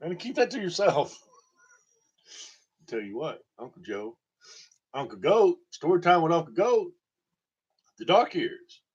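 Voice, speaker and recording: A man's voice: a little high, sing-song, a little slow, pauses often, husky. A man from Tennessee, rambling through comic stories and laughing at his own jokes. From Tennessee, USA. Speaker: storytelling vlogger. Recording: dull lo-fi recording.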